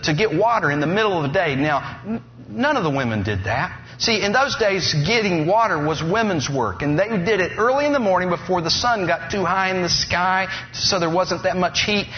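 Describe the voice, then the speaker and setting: A man preaching a sermon, telling stories with lively energy and humorous asides. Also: fairly high pitch. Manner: animated storytelling with humorous asides. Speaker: pastor. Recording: dull lo-fi sound with faint noise.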